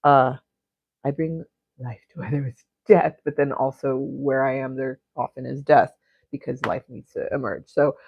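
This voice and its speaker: A woman's voice: very deep voice, steady tone, normal speed, vocal fry, slightly rough, no room sound, muffled recording. A young woman hosting an art livestream, chatting casually and crudely while she paints, rambling and giggling between topics.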